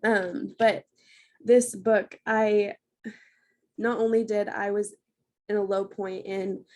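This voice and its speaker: A woman speaks earnestly about a hard stretch in her life, her voice sitting at an ordinary middle pitch. She gets emotional and laughs softly through it, then steadies herself and carries on. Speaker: guest speaker on a team call. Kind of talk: personal testimony.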